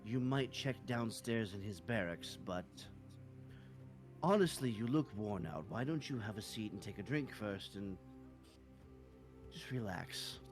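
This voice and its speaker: A man voicing a calm, gracious male pixie guildmaster who speaks politely and soothingly. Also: lowish voice, moderate pace, music in the background, voice pushed down, lightly acted. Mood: gentle.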